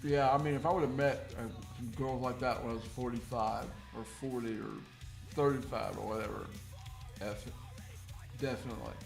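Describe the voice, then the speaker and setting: A man in his fifties telling a rambling personal story casually, full of restarts and fillers, raising his pitch when he quotes others. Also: steady tone, normal speed, gravelly. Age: 50s. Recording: echoey room, faint music behind.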